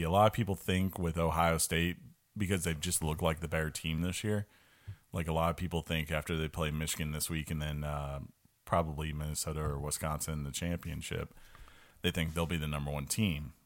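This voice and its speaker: A man co-hosting a podcast, chatting casually and animatedly about college football, often laughing and throwing in quick asides. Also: a bass voice, fairly even intonation. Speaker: podcast co-host. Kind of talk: casual sports chat. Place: here in Atlanta.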